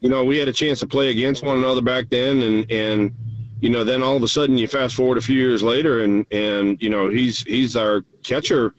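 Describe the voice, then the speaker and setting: A man tells his story in an easygoing drawl. His voice sits at an ordinary pitch and comes over a dull, lo-fi remote line. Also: steady tone, fairly quick. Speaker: guest.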